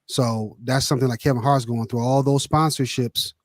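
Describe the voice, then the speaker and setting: A man co-hosting a sports podcast, chiming in with relaxed casual comments. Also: mid-range voice, normal speed, no room sound, clean studio sound. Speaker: podcast co-host.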